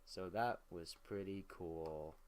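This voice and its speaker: Brief: young male host, lowish voice, rambling, swears a lot, loose casual history recap. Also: slow. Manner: rambling, profane, heavy use of filler words.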